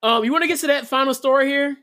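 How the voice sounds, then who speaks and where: High-voiced young man in casual chat. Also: fast, bright, forceful tone, no room sound, studio quality. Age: young adult. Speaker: podcast co-host.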